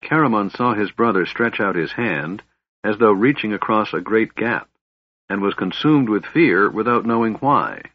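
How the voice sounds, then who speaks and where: A man narrating a fantasy novel in a measured, even storytelling voice. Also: on the low side, slightly rough. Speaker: audiobook narrator. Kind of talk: scripted narration. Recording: slightly dull, dry recording.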